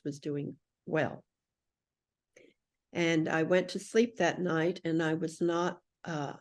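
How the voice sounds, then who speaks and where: A middle-aged woman recounts a personal story as a podcast guest. Her voice sits a bit low, and she slips into the voices of the people she quotes. She tells it with animation.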